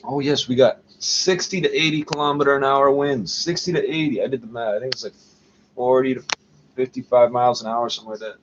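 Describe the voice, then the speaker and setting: A man's voice: mid-range voice, fairly even intonation, a little fast, noisy background. Muttering man, lo-fi home recording. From Canada. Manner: rambling, profane, muttering asides ending in "eh?". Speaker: vlogger. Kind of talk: casual rambling monologue.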